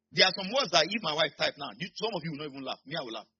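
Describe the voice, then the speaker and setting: A Nigerian man preaching a sermon in church, swinging between quiet asides and sudden shouts. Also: on the high side, expressive, very fast, husky, muffled recording. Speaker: pastor.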